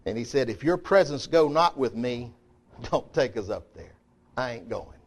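A middle-aged man preaching a sermon in a folksy, emphatic way, swinging between loud declarations and quiet asides. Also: mid-range voice, animated, moderate pace.

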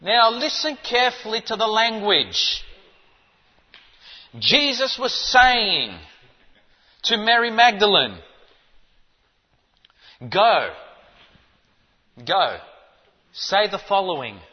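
A fairly high-pitched man preaches with emphatic insistence, firing rhetorical questions at his listeners. His voice rings out with a long reverb in a large hall. The sound is muffled and dull. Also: very animated, slow pace, long pauses. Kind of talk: sermon.

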